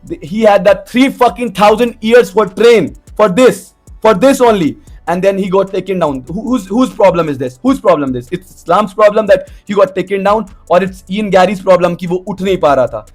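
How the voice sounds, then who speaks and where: Fast, high-voiced man ranting bluntly. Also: soft background music. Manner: blunt, profane and confrontational. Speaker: MMA YouTube commentator. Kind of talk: ranting vlog monologue.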